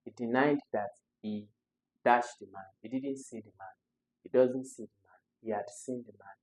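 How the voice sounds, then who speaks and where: A man's voice: mid-range voice, moderate pace, a little mellow, low-quality recording. A man, tutoring students through English exam questions step by step and repeating the key words.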